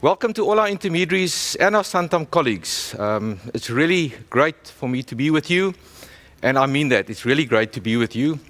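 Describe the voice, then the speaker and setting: A man, a company executive, giving a welcome speech at an awards event in a self-deprecating, halting way. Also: a little high, expressive, a bit bright.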